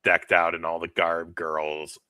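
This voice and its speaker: A man's voice: deep voice, completely flat delivery, measured pace, bright, forceful tone, smooth, no echo. A man co-hosting a podcast, blunt and profane in casual sports chat. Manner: profane, blunt, says dude a lot. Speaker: podcast co-host.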